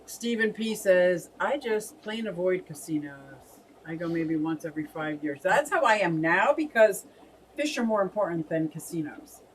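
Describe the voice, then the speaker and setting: A woman's voice: on the low side, expressive, moderate pace, recorded from a distance, a little hiss or hum, low-quality recording. A woman co-hosting a casual fish hobby live stream, chatting and laughing as she reads out viewer comments.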